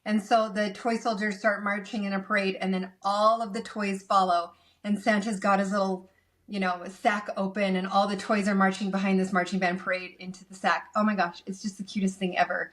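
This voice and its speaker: A woman guest chatting on a casual podcast at a middle pitch. She retells a story in an animated, gushing way, piling on little details with a lot of enthusiasm. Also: fairly quick.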